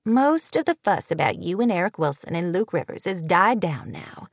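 A woman's voice: fairly low pitch, big pitch swings, moderate pace, no room sound. Nosy small-town busybody, read by a woman, syrupy and prying, close dry sound. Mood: hushed confiding. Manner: prying, falsely sweet.

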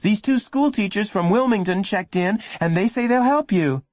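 A man's voice: high voice, animated, moderate pace, no echo, voice pushed up. A man reading a story, voicing an impatient mother who calls sharply to her son. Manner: sharp, calling out. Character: impatient mother running a motel.

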